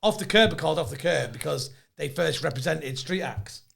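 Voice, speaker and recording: Gravelly, lively-voiced male podcast host. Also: fairly high pitch, fairly quick. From England. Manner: chatty storyteller, laughs often. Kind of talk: casual chat.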